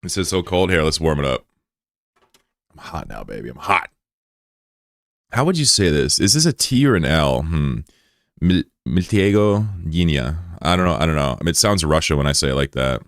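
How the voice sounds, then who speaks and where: A young man from the United States chats loosely with his livestream audience in a deep voice that rises and dips with a lot of movement. He jokes around and trips over words in other languages. The sound is dry and close to the mic. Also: lively intonation, brisk, no room sound. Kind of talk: casual chat with a live audience.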